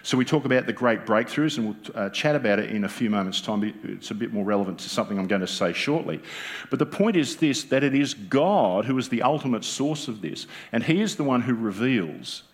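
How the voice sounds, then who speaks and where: A man's voice: medium pitch, lively intonation, fairly quick. An Australian man preaching a sermon as pastor, conversational and joking with the congregation, often asking them rhetorical questions. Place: church.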